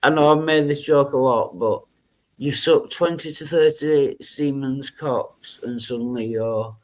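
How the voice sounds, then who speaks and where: A male stream host in casual live chat, crude and self-mocking. His voice sits at an ordinary middle pitch, and he laughs often as he banters with his guests. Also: unhurried.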